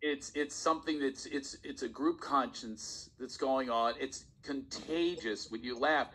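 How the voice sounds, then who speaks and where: A man, a stand-up comedian, telling stories on a podcast in a casual, animated way and often laughing as he talks. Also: mid-range voice, unhurried, husky, low-quality recording. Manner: animated storyteller, laughs while talking. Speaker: guest comedian.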